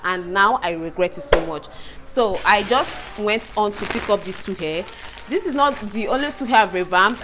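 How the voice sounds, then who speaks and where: A young woman chatting to camera in a casual home vlog, animated and exasperated, repeating herself and laughing often. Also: mid-range voice. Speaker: vlogger.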